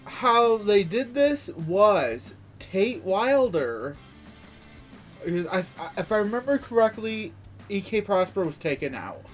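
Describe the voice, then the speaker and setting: A man's voice: high voice, very animated, slow pace, faint music behind. A man giving a casual, rambling wrestling recap, full of fillers and restarts.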